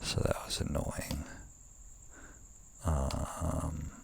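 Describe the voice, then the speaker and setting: A man's voice: a bass voice, level tone, extremely slow, creaky, breathy edge. A young man rambling casually outdoors at night, with many fillers and restarts, swearing now and then. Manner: meandering, frequent fillers and restarts; laid-back, swears casually. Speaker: vlogger.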